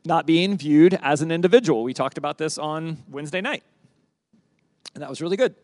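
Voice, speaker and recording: A man teaching a summer youth group from the Bible, lively and conversational, asking the group questions and repeating their answers. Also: on the high side, brisk, no room sound. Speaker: youth pastor.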